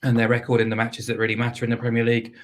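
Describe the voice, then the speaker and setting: A man giving betting analysis on a football podcast, measured and full of statistics, often restarting his sentences. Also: mid-range voice, monotone. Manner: measured, stats-heavy, with frequent restarts. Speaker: betting tipster.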